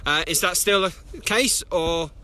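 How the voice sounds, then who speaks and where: A man's voice: fairly high pitch, measured pace, bright, forceful tone, slight background noise. A man with a British accent asking formal, polite interview questions, with some hesitation.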